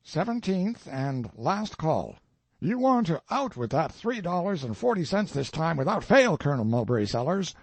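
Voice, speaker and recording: A man voicing a curt, demanding bill collector who shouts his refusals. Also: lowish voice, sing-song, measured pace, gravelly, long pauses, husky, no room sound, heavily acted.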